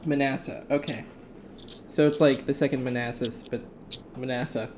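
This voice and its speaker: A man's voice: mid-range voice, steady tone, moderate pace, a little mellow, slight background noise. A man running a tabletop game as game master, easygoing and brief in his replies. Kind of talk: casual chat at a tabletop game.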